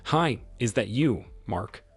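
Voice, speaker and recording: A man's voice: mid-range voice, lively intonation, slow pace, slightly rough, voice pushed up, heavily acted. A man voicing a distraught, slightly drunk wife who mumbles and pleads in a quivering voice, over faint music. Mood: pleading.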